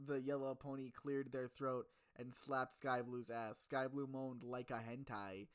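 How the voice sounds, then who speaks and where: A young man doing a comedic dramatic reading, breaking in with loud jokes. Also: mid-range voice, fairly even intonation, a little slow, few pauses, clean tone. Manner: loud joking interruptions. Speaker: co-reader.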